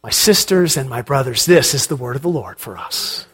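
A man preaching as a pastor, reading scripture aloud and then asking his congregation questions in an unhurried, conversational way. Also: medium pitch, sing-song, fairly bright tone, breathy edge. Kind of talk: sermon.

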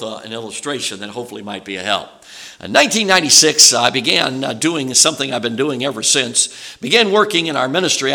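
A man's voice: mid-range voice, gravelly, pushed and bright. A man from Chicago with a Chicago accent, preaching to a congregation in a folksy, chatty way with many "uh"s and "okay"s. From Chicago, USA. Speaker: traveling preacher. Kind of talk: sermon introduction to a congregation.

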